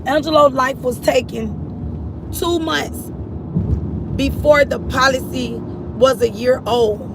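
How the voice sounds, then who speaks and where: A woman's voice: high voice, slow pace. A middle-aged woman giving a personal testimony about her late son, earnest and repetitive, speaking to her listeners as y'all. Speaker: grieving mother sharing her story. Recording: outdoor street noise, vehicles passing.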